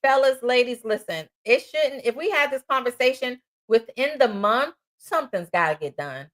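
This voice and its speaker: A woman from New York with a New York accent, co-hosting a faith-based relationship talk in a loud, passionate, preacherly way. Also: a little high, expressive, normal speed. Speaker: co-host.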